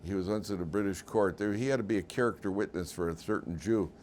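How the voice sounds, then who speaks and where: Man, rabbi lecturing a class, low voice, chatty, humorous, asks students questions, faint background noise. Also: quick pace, darkish tone. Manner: conversational, humorous, quizzes the class. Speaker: rabbi teaching a weekly class. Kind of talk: informal lecture.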